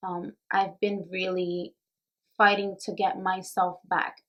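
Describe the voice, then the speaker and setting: Slow and level in tone, this young woman's voice sits on the low side with a fairly bright quality. She's a makeup artist and beauty vlogger speaking casually to camera, reflective, earnest, slightly nervous and emotional.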